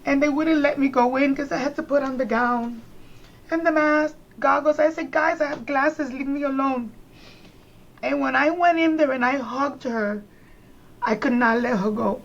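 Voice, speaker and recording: A middle-aged woman from New York speaks as a podcast guest, retelling family memories with heavy emphasis and repeated phrases. Her voice sits a little high. The recording sounds slightly dull and lo-fi. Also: steady tone, moderate pace, creaky. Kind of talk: emotional personal storytelling in conversation.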